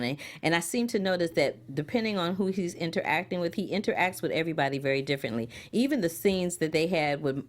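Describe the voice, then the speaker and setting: A woman co-hosting a casual talk show, chatting in an animated, expressive way with playful reactions. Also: deep voice. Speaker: co-host. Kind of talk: casual chat.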